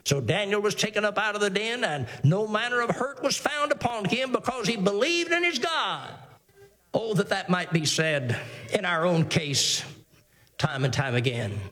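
A man with a notably high voice preaches a sermon. He reads old scripture in a measured, deliberate cadence, then presses his points with repeated phrases and rhetorical questions to his listeners. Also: animated, bright, forceful tone, long reverb tail.

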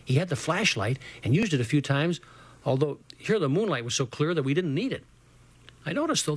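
Brief: male storyteller, higher pitch, earnest and lively, dry close recording. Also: dry recording. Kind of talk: reading a first-person adventure story.

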